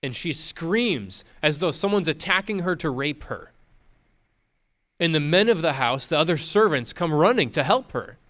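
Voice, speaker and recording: A man's voice: on the high side, expressive, a bit bright. Man preaching with dramatic storytelling. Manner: storytelling, dramatic pauses and rhetorical questions. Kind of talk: sermon.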